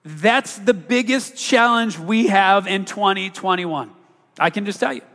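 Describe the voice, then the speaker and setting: A man's voice: high voice, measured pace, a bit bright, long reverb tail. A man preaching a sermon to a congregation, talking through scripture in a conversational way and asking the listeners rhetorical questions. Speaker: pastor.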